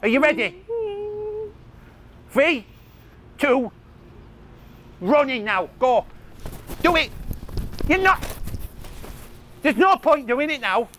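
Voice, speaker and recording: A man's voice: expressive, slow pace, pauses often, a bit bright, a little hiss or hum, exaggerated voice. A man acting a childish, bossy, hot-tempered grown-up brother in a comedy sketch, whining at his sister outdoors in a park. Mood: bossy, impatient. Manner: bossy, whiny, high childlike voice.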